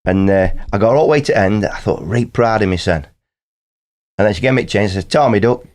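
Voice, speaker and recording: Man, Nottinghamshire accent, middle-aged, rambling storyteller, very low pitch. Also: fairly quick, a little mellow. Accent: Nottinghamshire English. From Nottinghamshire, England. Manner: rambling storyteller, laughs often. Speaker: band guest. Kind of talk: casual podcast chat.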